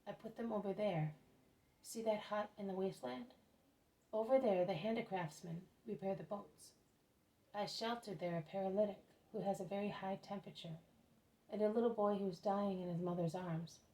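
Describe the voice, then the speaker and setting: A woman's voice: medium pitch, normal speed, warm tone, lightly acted, low-quality recording. A woman reading the lines of an earnest, caring fisherman disciple in a plain way.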